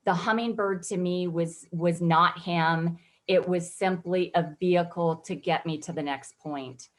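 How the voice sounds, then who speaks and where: Low-voiced earnest woman telling her story. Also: fairly even intonation, measured pace. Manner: reflective, earnest, emotional at times. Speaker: guest photographer. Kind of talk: personal interview storytelling.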